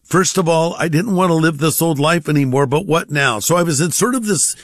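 A man's voice: on the high side, fairly quick, no room sound, studio quality. A male pastor telling a personal testimony in a conversational sermon style, acting out the voices of others. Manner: conversational, acts out quoted voices.

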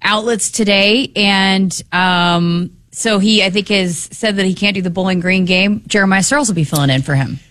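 A woman co-hosting a sports radio show in casual chat, upbeat and quick to laugh. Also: mid-range voice, fairly bright tone, dry recording, studio quality.

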